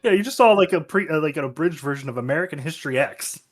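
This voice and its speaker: A man playing a tabletop game, joking and offhand in casual play, with a husky voice. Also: fairly high pitch, animated, very fast. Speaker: player.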